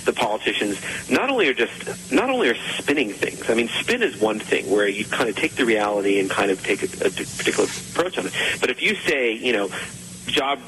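A man speaking as a podcast guest in a casual interview, halting and repeating words as he thinks through his points. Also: lowish voice, fairly bright tone, a little hiss or hum, poor audio.

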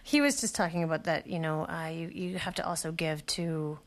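A woman hosting a late-night radio talk show, chatty, candid and quick to laugh. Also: low-pitched, a little hiss or hum.

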